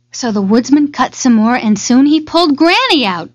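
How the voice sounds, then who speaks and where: A woman narrating a fairy tale in a dramatic, expressive storybook style. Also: fairly high pitch, moderate pace, hardly any pauses, no echo. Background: loud music.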